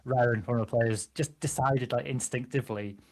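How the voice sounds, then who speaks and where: Lively man, laughing. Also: medium pitch, moderate pace, a little hiss or hum. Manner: animated, laughs often, slips into character voices. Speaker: guest game master. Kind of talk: casual chat about voice acting.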